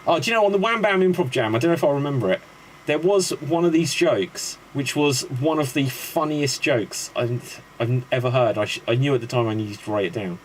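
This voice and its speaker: A man's voice: mid-range voice, a little fast, slight background noise, rough recording. A man hosting a live improv comedy show, chatty and upbeat as he introduces the games. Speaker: host.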